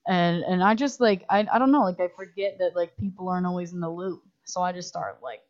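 A woman guest on a casual podcast, telling stories in an animated way with lots of "like" and acted-out quotes. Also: lowish voice, a little fast, muffled recording. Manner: animated storytelling, many "like"s, acts out quotes. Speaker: guest filmmaker.

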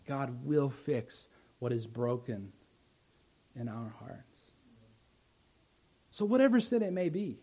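Pastor, male, somewhat high voice, preaching with swelling then hushed emphasis. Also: breathy edge. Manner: preaching with rising emphasis, then dropping soft and slow. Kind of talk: sermon.

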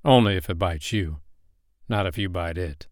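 Played by a man, a hulking outdoorsman speaks in a lowish, steady voice, answering in calm, clipped lines with a dry wit. The recording is close and dry. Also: normal speed, dry recording, lightly acted. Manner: terse, calm, dry one-liners. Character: gruff, laconic big outdoorsman with a dry wit.

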